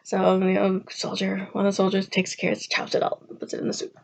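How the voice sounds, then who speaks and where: A woman's voice: completely flat delivery, fast, vocal fry. Chatty woman retelling a folk tale. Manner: chatty and rambling, acting out quotes with pitch jumps. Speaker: vlogger. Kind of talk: casual storytelling.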